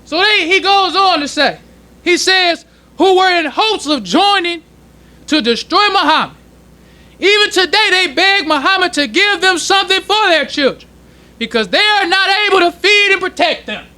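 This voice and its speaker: A male minister teaching a sermon to a congregation in plain, casual speech, slowing down when he reads passages aloud. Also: very high voice, expressive, bright, forceful tone. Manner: preaching in casual street-level speech, slowing to read quoted passages. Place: temple congregation hall.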